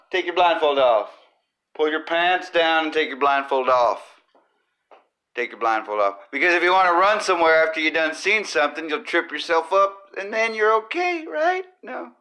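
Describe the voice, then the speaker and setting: A man's voice: a little high, bright, forceful tone. A man hosting a comedy podcast, rambling goofily and breaking into silly riffs and sung nonsense. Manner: goofy, riffs and sings silly bits. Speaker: podcast host.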